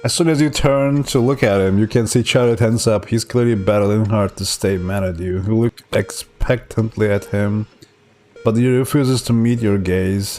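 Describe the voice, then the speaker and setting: A man's voice: lowish voice, moderate pace, a little mellow. A young man streaming a game, reading its story text aloud with laughing, joking asides. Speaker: gaming streamer.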